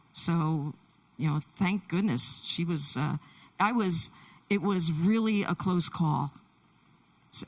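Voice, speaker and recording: Woman interpreter, lowish voice, halting first-person testimony, distant church mic. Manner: halting, with many restarts. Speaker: sign language interpreter. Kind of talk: voicing a Deaf man's testimony in first person.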